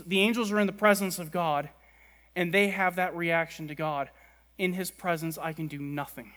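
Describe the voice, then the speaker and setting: A man preaching a sermon, stressing words by repeating them and letting key lines fall quiet and low. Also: fairly even intonation, normal speed. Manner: emphatic, repeats words for stress, drops soft at ends. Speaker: pastor.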